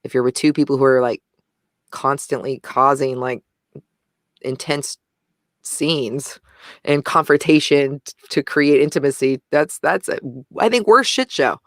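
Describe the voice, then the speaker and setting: A woman's voice: rumbling low, unhurried, no room sound, clean studio sound. A woman co-hosting a casual discussion, talking intensely and animatedly and often restarting her sentences. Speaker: podcast co-host.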